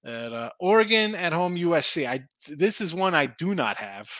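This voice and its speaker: A man's voice: fairly high pitch, sing-song, normal speed, bright, forceful tone, dry recording. A man hosting a late-night sports betting stream, rambling casually as he thinks aloud over the lines and answers viewers. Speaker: sports betting show host. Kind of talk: casual live-stream chat reading viewer picks.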